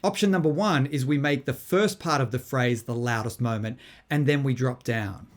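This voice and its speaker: A man giving a songwriting lesson, explaining clearly and methodically while playing guitar. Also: mid-range voice, normal speed. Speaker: songwriting teacher. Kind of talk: instructional lesson with guitar demonstrations. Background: his own guitar playing.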